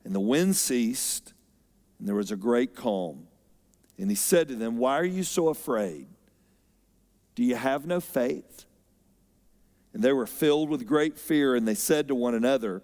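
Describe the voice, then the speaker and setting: A man preaching a sermon as pastor, expressive, moving between loud emphasis and quiet, unhurried stretches. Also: medium pitch. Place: church auditorium. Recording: long hall reverb.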